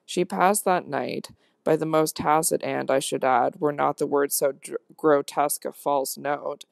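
Gravelly audiobook narrator, dry close sound. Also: medium pitch, fairly even intonation, dry recording. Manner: measured, intense, literary first-person reading. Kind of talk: reading a classic novel aloud.

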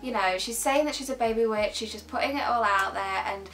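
A woman's voice: a little high, fairly quick, fairly bright tone, faint music behind. A young woman hosting a casual reaction chat, talking chattily with plenty of filler words and some giggles. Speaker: host reacting to videos.

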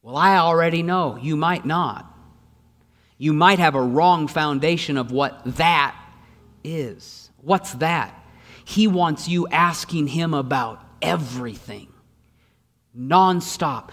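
Energetic preacher with a higher voice in a reverberant church. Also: male voice, slow. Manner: energetic preaching with repeated rhetorical questions; acts out voices in quoted lines. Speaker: pastor. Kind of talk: sermon. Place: church sanctuary.

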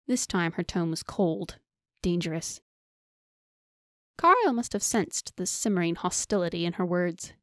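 A woman narrating a fantasy audiobook with steady storytelling on a close mic. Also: fairly low pitch, measured pace, long pauses, dry recording. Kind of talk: scripted narration.

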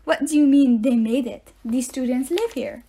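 Stern french-accented teacher guy, a woman putting him on, cold and clipped, loud and sneering. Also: a little high, big pitch swings, measured pace, full character voice. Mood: scornful. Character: grumpy stern military-school teacher, French-sounding man.

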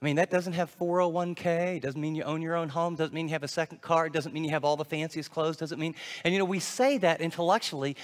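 A man's voice: on the high side, steady tone, fast talker, hardly any pauses, long reverb tail. A man preaching a sermon, acting out his listeners' doubts in quoted asides. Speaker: pastor.

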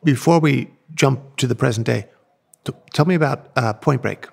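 A man's voice: mid-range voice, moderate pace, gravelly, husky. A man hosting an interview, prompting his guest with short questions and brief replies. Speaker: interviewer, host. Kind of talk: casual interview.

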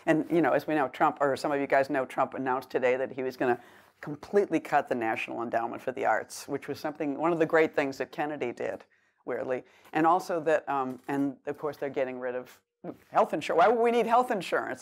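A woman's voice: rumbling low, steady tone, brisk. A woman with a Boston accent giving a live poetry reading, with loose, rambling asides full of fillers and restarts between poems. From Boston, USA. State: semi jet lagged. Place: bookshop event space before an audience.

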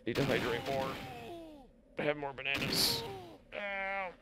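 A man giving casual live commentary as he plays a game, reacting out loud, swearing freely and talking back to the game. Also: medium pitch, animated, slow, very noisy. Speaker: streamer.

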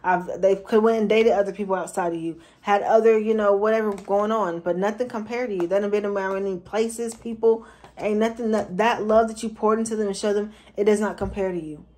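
A woman's voice: medium pitch, fairly even intonation, fairly quick, a little mellow. Chatty woman giving a tarot reading. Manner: chatty, slangy, repeats herself for emphasis. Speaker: tarot reader. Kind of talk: casual tarot reading for viewers.

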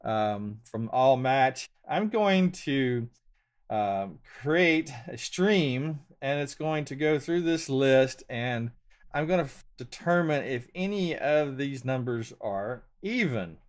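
A man's voice: mid-range voice, expressive, slow. A man from Louisiana with a Southern drawl, hosting a casual coding lesson. He talks in an easygoing, chatty way and jokes about himself. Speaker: programming tutorial host. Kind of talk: screen-share coding lesson.

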